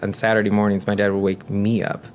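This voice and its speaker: Talkative, earnest low-voiced man. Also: flat delivery, fast, slight background noise. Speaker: nurse; guest. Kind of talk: casual chat.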